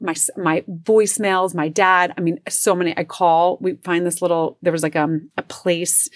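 A woman hosting her own podcast, telling a story in a casual, animated way and acting out the people she quotes. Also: lowish voice, dry recording, clean studio sound. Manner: animated, acts out quoted voices, laughs often. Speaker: podcast host.

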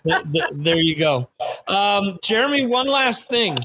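A man's voice: sits high, very animated, unhurried, noisy background. A man hosting a casual podcast chat, stammering through restarts with many ums. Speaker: podcast host.

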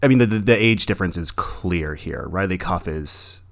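Young male co-host, very deep voice, loud and emphatic, casual movie talk. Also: moderate pace. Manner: loud, emphatic, chimes in with agreement. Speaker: podcast co-host. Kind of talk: casual movie review chat.

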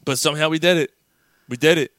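A man's voice: fairly high pitch, fast, a bit bright, dry recording, clean studio sound. A man hosting a podcast, rambling through stories and jokes over beers with friends. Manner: laughing, rambling storyteller. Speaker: podcast host. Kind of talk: casual chat.

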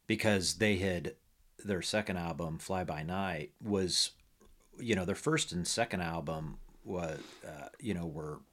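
Low-voiced rambling man. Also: a little slow, a bit bright. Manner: rambling, many fillers and restarts. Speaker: podcast guest. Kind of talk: casual conversation about music.

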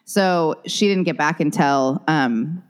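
A woman's voice: low voice, slow pace, clear, resonant tone. A woman co-hosting a podcast, chatting casually and rambling, laughing often. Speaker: podcast co-host. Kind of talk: casual chat.

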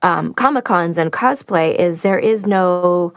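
A woman's voice: on the low side, measured pace, no room sound, studio quality. A woman voice actor chatting as a guest, telling stories and gushing about fans with frequent laughter. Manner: gushing, storytelling, laughs often. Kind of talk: casual chat.

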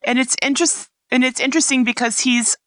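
A woman's voice: high voice, fairly even intonation, fast talker, a bit bright, dry recording. Woman chatting about a movie, thoughtful, dry close sound. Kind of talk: casual movie discussion.

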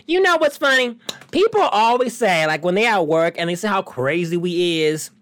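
A man's voice: high-pitched, no echo. Sassy flamboyant man hosting a podcast. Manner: sassy, flamboyant, calls listeners honey; animated, laughs between stories. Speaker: podcast host. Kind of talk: casual monologue chat.

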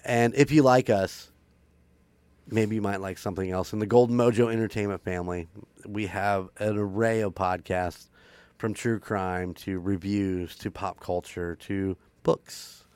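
A man's voice: fairly low pitch, steady tone, a little slow, a little mellow, smooth, no echo. A man hosting a paranormal podcast, wrapping up in a rambling, upbeat way with frequent laughs. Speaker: podcast host. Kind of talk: casual podcast outro chat.

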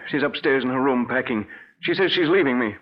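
An actor playing a desperate, jealous wealthy husband in a 1940s radio drama, pleading and growing frantic, heard on a dull old recording. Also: male voice, mid-range voice, animated, brisk, slight background noise, close to an everyday voice. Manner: pleading, emotional, rising to frantic.

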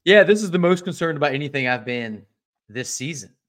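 A man's voice: on the high side, lively intonation, a little fast, a bit bright. A man from the Midwest co-hosting a casual sports podcast, with dry jokes. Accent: Midwestern American. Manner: dry, joking. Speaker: podcast co-host.

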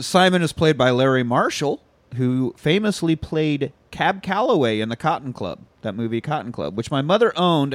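A man co-hosting a casual movie podcast, profane and mocking, breaking into high squeaky impressions. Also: no echo. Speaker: podcast co-host.

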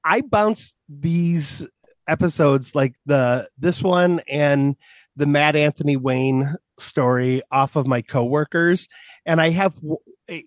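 A man's voice: a little high, no echo. A man co-hosting a podcast in casual banter, teasing and telling a story. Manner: teasing, restarts and laughs.

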